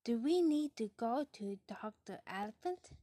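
Woman doing curious little girl piglet, eager, slow, dry close sound. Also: a little high, no room sound. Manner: excited, bright and questioning, with soft whispered stretches.

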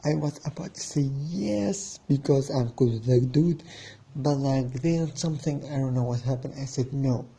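A man's voice: medium pitch, warm tone, breathy edge. A man hosting a podcast, telling a personal story in a casual rambling monologue, acting out both sides of a haggle. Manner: rambling, restarts, acts out the other side of a haggle. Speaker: podcast host.

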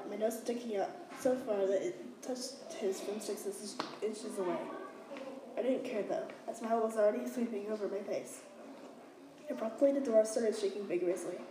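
A woman reading a first-person novel aloud, with halting slips and restarts. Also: mid-range voice, reverberant, distant mic, background noise. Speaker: reader.

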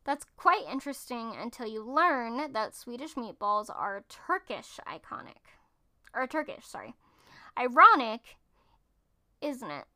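Here the woman's fairly high, bright voice has a sing-song, slightly slow lilt and a forceful edge. She reads food facts from her screen in casual commentary, stumbling and correcting herself.

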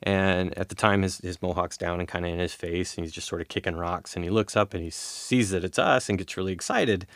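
A man with a low, gravelly voice tells a personal story in a loose, rambling way. He laughs his way through it and is heard close up with no room sound at all. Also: a little fast, hardly any pauses, fairly bright tone, no echo. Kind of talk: casual storytelling.

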